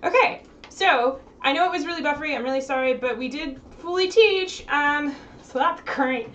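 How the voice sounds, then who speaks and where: A woman's voice: high-pitched, moderate pace, a bit bright, lo-fi sound, slight background noise. A woman hosting a casual live stream from home, chatting and laughing while fixing technical problems. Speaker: streamer host.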